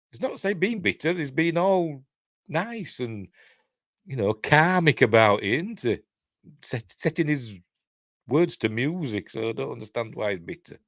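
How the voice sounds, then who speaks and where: A man's voice: medium pitch, fairly bright tone, dry recording, studio quality. A middle-aged man with a Yorkshire accent, hosting a live news stream in rambling, self-correcting casual commentary. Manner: rambling, self-correcting, chuckles at his own jokes.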